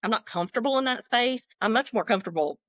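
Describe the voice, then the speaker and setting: A woman's voice: on the high side, animated, quick pace, fairly bright tone, dry recording. A middle-aged woman talking as a podcast guest, telling her own story in a frank, talkative, self-deprecating way. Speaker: guest, leadership coach. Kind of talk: candid conversational storytelling.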